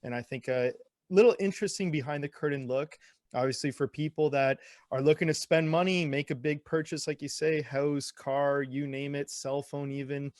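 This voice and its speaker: A man's voice: fairly high pitch, steady tone, normal speed, darkish tone, no echo, clean studio sound. A man hosting an interview, chatting casually and agreeably with frequent fillers. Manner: casual, agreeable, lots of fillers like "you know". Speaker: interview host. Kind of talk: conversational interview.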